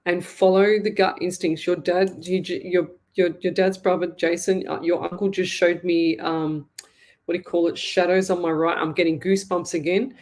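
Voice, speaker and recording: An Australian woman hosting a live psychic reading, speaking in a sympathetic, halting way and repeating herself often. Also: fairly low pitch, little pitch movement, darkish tone. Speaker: psychic medium host.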